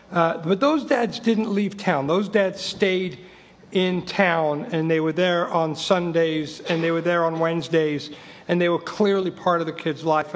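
Man, 50s, high-pitched voice, recovery meeting speaker, emphatic, repetitive, wry. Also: big-room sound. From England. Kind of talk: personal recovery talk with book reading.

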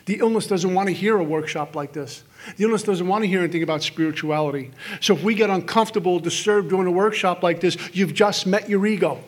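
A middle-aged man speaks to a live audience at a recovery workshop in a hall. His voice sits high and sounds somewhat husky. He tells stories with humor and acts out the voices in his head in quick little scenes. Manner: storytelling, acts out inner voices with quick asides.

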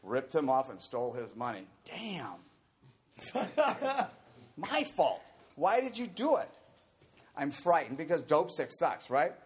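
Candid man with a higher voice. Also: huge pitch swings, takes it slowly, long pauses, slight background noise. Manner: candid, conversational, peppered with "you know". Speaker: recovery program speaker. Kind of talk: casual talk to a group.

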